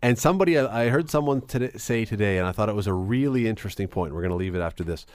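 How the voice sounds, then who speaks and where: A man's voice: lowish voice, lively intonation, racing, darkish tone, no echo. A man hosting a radio sports talk show, chatting casually with many restarts and easy laughs.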